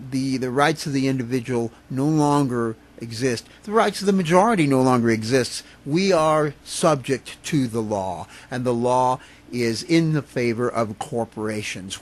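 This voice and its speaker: A man filming a political rant at his rural home. He is impassioned and profane, and often repeats and restarts his phrases. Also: mid-range voice. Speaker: video blogger.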